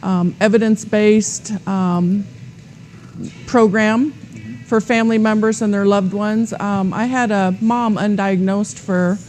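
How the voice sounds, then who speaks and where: A woman guest explains her program work in a steady, unhurried way, pausing often on "um." Her pitch sits in an ordinary middle range. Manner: steady, with frequent um fillers. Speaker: nonprofit program coordinator, guest. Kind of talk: interview answers.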